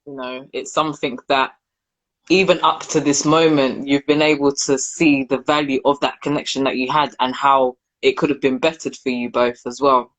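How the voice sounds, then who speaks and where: A woman's voice: very deep voice, steady tone, moderate pace. A woman hosting an interview, affirming her guest and reflecting on what she shares. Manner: affirming, reflective, many soft agreements. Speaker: podcast host. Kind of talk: supportive interview chat.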